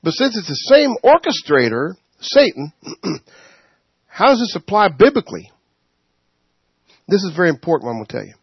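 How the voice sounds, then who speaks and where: A man leading a Bible study, preaching informally in an animated way, laughing and acting out quotes. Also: high voice, moderate pace, long pauses, breathy edge, no echo. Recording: dull, muffled sound.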